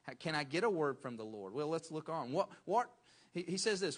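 A man's voice: a little high, sing-song, fairly quick. A male pastor preaching a sermon, emphatic and repeating phrases for stress.

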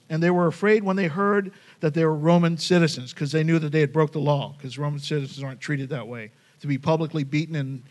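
A man giving a casual, conversational sermon, reading Bible passages aloud and commenting on them with lively asides. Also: a little high. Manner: conversational, animated, says "man" often. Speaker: preacher.

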